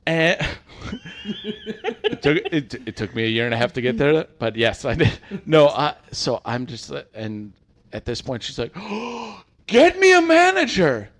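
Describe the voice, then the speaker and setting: A man hosting a casual chat, telling work stories in an animated way. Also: measured pace. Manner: animated storyteller, acts out quoted customers in high voices. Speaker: podcast host.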